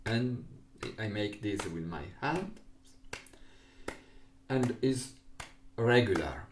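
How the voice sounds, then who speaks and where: Slow, animated Italian-accented music teacher. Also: male voice, lowish voice, noisy background. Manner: patient, explains step by step in simple non-native English. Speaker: recorder teacher. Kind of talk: music lesson.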